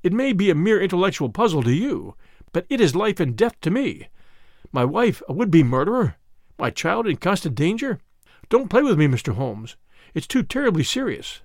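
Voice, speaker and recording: A man's voice: high-pitched, big pitch swings, moderate pace, no echo, studio quality, exaggerated voice. A man voicing a big, anguished husband pleading for help in urgent outbursts. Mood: desperate. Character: big desperate husband, former athlete.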